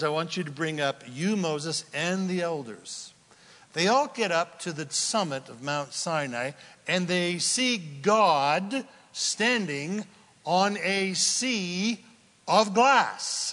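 Male pastor, bright forceful voice, unhurried delivery, preaching in a reverberant church hall. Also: on the high side. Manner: animated preaching, fires questions at the congregation. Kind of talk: sermon. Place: church sanctuary before a congregation. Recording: long reverb of a large hall.

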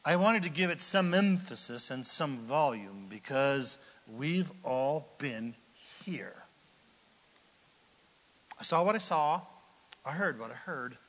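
A man preaching a lively, joking sermon and shouting now and then for emphasis. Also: a little high, slow, long reverb tail. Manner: animated, jokey, with shouted emphasis. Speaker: pastor.

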